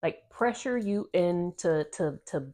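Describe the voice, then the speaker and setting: Lower-voiced woman, oracle card reader; rambling, repetitive, slangy delivery. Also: animated, takes it slowly, mellow. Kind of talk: casual channeled card reading.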